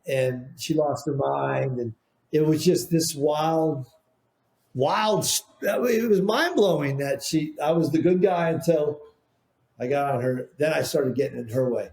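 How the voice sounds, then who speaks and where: Podcast guest, male, mellow tone, rambling storyteller, roomy echo. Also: mid-range voice, unhurried. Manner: rambling, animated storyteller with restarts. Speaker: podcast guest, business founder. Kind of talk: casual storytelling interview.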